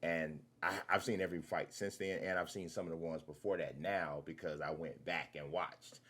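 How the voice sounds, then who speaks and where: A man hosting a casual boxing interview, relaxed and agreeable, often chiming in with short agreement. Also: deep voice, normal speed. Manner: relaxed, agreeable, chimes in with yeahs. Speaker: interviewer, channel host.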